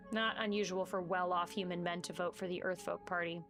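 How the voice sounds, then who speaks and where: A woman's voice: fairly low pitch, little pitch movement, brisk, over music, pitched below the performer's own voice, close to an everyday voice. A woman voicing a well-off male mortician in a game, formal and a bit condescending, reading dialogue aloud. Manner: stiff, formal, mildly condescending.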